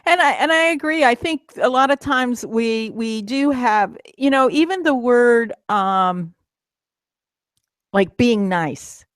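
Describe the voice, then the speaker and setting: A woman's voice: fairly high pitch, expressive, slow pace, dry recording. A middle-aged woman co-hosting a casual talk, chatty, with many restarts and fillers. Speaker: co-host, midlife coach. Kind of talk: casual chat.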